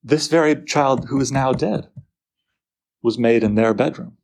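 A man lecturing on a poem, lively and full of rhetorical questions to his listeners. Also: mid-range voice, a little slow, gravelly. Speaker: literature teacher.

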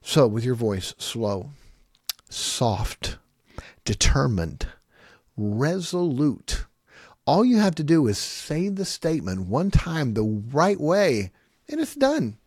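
A middle-aged man gives parenting advice in an animated, conversational way. He slips into quick voices of parents and children and laughs between points. His voice is recorded close and dry, with no room sound. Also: fairly high pitch, slightly rough, no room sound. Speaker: parenting teacher. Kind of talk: conversational teaching talk.

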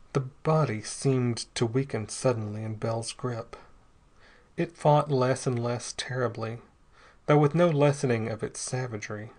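A male narrator with a mid-range voice reads a story aloud, keeping a steady, dramatic delivery with scripted pacing.

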